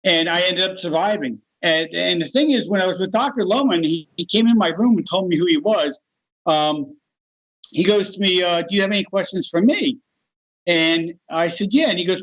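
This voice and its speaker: A middle-aged man with a fairly high voice tells a personal story in a relaxed, conversational way. He livens it up by acting out the other people's lines in changed voices. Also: fairly quick, low-quality recording. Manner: animated, acts out other people's voices in his stories. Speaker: guest. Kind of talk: casual storytelling.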